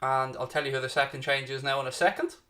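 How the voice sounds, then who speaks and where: A man's voice: mid-range voice, fairly even intonation, fast talker, pushed and bright. A man hosting a football watchalong, calling the play and casually answering viewers' chat messages. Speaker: watchalong host. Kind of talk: casual match commentary and chat.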